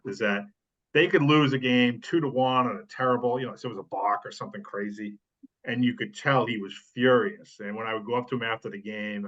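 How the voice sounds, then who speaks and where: A man tells rambling sports stories in a casual podcast, his voice bright and forceful. The sound is dull and lo-fi. He leans on fillers and side remarks. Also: medium pitch. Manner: rambling storytelling with many fillers. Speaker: sports writer co-host.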